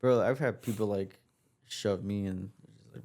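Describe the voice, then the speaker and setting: Podcast guest, man, low voice, relaxed slangy chatter. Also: moderate pace. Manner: laid-back, slangy, says bro a lot. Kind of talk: casual chat.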